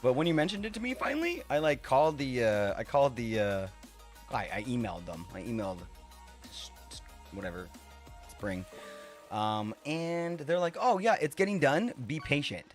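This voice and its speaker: A man's voice: medium pitch, very animated, normal speed, soft background music. A man chatting casually with his live-stream viewers while he builds in a game, rambling, laughing often and swearing freely.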